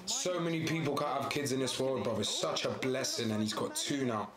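A young man giving casual, excitable reaction commentary full of slang. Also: medium pitch, fairly quick, roomy sound, a crowd in the background. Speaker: YouTuber reacting to match footage.

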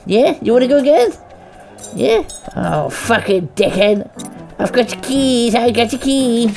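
Foul-mouthed woman with a gravelly voice. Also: a little high, big pitch swings, a little slow, darkish tone, soft background music. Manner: foul-mouthed, taunting, role-playing as the goose in first person. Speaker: gamer. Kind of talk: let's play commentary.

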